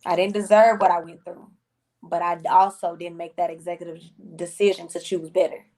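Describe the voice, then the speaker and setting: A woman's voice: on the low side, flat delivery, normal speed, mellow. A woman musician as a podcast guest, talking casually and earnestly, repeating phrases and using slang. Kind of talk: casual interview talk.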